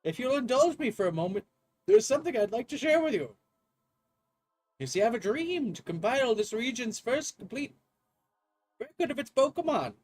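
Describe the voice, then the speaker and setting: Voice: medium pitch, big pitch swings, moderate pace, long pauses, darkish tone, pitched above the performer's own voice. A player doing a chatty genteel professor. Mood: enthusiastic. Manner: polite old-fashioned phrasing, earnest and talkative. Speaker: gaming video creator. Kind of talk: reading game dialogue aloud in a put-on voice.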